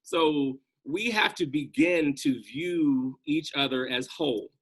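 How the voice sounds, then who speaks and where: A man's voice: on the high side, takes it slowly, a bit bright. Earnest man speaking reflectively. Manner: earnest, reflective, speaks in short phrases with many "right?". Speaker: guest speaker. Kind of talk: conversational talk on a video call.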